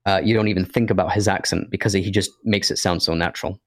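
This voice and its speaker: Low-voiced man in rambling podcast chat. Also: steady tone, fast talker, a bit bright, dry recording, clean studio sound. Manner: rambling, thinks aloud with many restarts and fillers. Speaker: podcast co-host. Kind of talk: casual chat.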